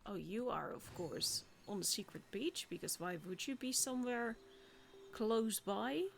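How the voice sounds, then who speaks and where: A woman's voice: medium pitch, animated, a little slow, creaky, slight background noise. A woman giving casual, chatty commentary while playing a video game, with rambling asides. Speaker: gameplay streamer.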